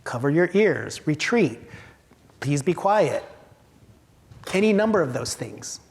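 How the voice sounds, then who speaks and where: A man's voice: on the high side, big pitch swings, slow pace. A man leading a training for theater staff, talking emphatically with rhetorical questions and acted-out reactions. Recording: long hall reverb.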